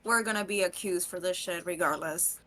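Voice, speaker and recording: Casting: bright-voiced woman player, dry and sarcastic. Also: lowish voice, a little fast. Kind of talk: casual game chat.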